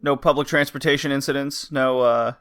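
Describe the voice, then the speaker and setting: A man co-hosting a podcast, casually telling an animated story, laughing often and swearing casually. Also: medium pitch, a little fast, clean tone. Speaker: podcast co-host.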